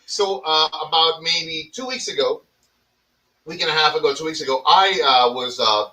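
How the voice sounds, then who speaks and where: A man hosting a podcast in casual, profane chat, animated and mock-dramatic, swearing freely. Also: fairly high pitch, moderate pace, distant mic, low-quality recording. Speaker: podcast host.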